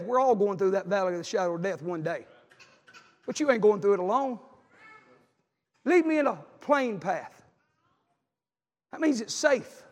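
A middle-aged man, preaching a sermon as a pastor, telling folksy stories with animated emphasis. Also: high-pitched, moderate pace, long pauses. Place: church sanctuary. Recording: long church reverb.

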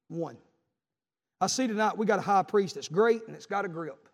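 Man, 40s, high-pitched pastor preaching with call-and-response, long hall reverb. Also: normal speed. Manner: preaching with call-and-response, swinging from loud to hushed. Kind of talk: sermon.

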